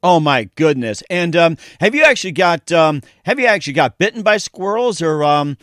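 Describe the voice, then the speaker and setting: A man's voice: fairly high pitch, expressive, normal speed, fairly bright tone, no room sound, clean studio sound. Upbeat punning male podcast host. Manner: playful, punning, many fillers and restarts. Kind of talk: casual interview. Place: studio.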